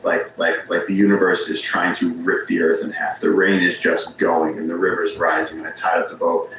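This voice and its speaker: A podcast guest tells rambling stories in casual talk, often restarting sentences. His low, fairly bright voice is completely flat at normal speed, recorded in a very echoey room with faint ambient noise.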